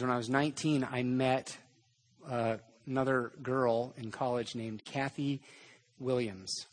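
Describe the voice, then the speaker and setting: A man preaching a sermon in a conversational way, with animated storytelling. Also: mid-range voice. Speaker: pastor.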